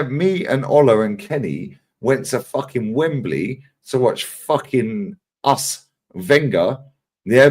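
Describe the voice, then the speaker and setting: A man hosting a casual live chat, telling stories with lots of swearing. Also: mid-range voice. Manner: animated, swearing storyteller. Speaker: channel host.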